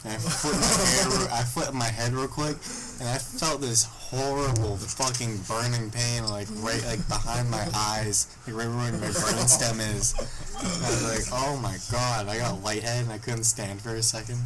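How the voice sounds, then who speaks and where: A man's voice: medium pitch, fairly even intonation, normal speed, a crowd in the background, rough recording. A young man telling a self-mocking anecdote in casual podcast chat.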